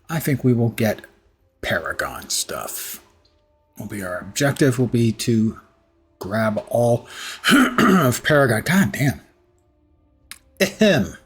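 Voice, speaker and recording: A man with a husky, raspy voice, clearing his throat often, giving chatty live commentary while streaming a game. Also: medium pitch.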